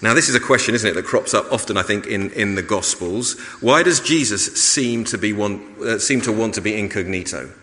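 A man preaching a sermon in a measured, emphatic way, pausing and restarting as he explains a passage. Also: lowish voice, bright, forceful tone. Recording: long reverb of a large hall.

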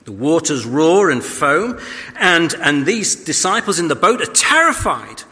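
Animated preacher in an echoey hall. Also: male voice, on the high side, unhurried. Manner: animated storytelling, acting out scripture. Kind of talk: expository sermon.

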